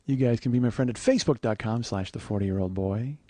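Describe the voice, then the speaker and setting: A man in his forties hosting a podcast, telling a comic story with profanity and animated, yelled-out quotes. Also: medium pitch, fairly quick. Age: 40s. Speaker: podcast host. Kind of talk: comedic storytelling monologue.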